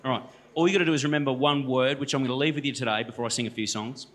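A man's voice: mid-range voice, steady tone, racing. A man in his thirties with an Australian accent, a guest speaker telling stories to a church audience in a chatty, joking way that speaks to the crowd directly. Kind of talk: storytelling talk to a church audience. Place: church hall.

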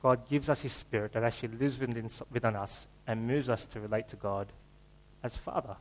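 A man's voice: medium pitch, fairly even intonation, a little fast, slight background noise, low-quality recording. A man preaches to his church in an easy, conversational way, slipping jokes between scripture readings. His voice sits mid-range for a man. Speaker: pastor. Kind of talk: sermon.

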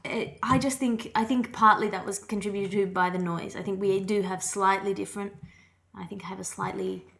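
A woman's voice: medium pitch, fairly even intonation, a little fast, gravelly, fairly bright tone. A woman co-hosting a podcast in a house, talking in a dry, wry way. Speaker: podcast co-host. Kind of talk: casual chat.

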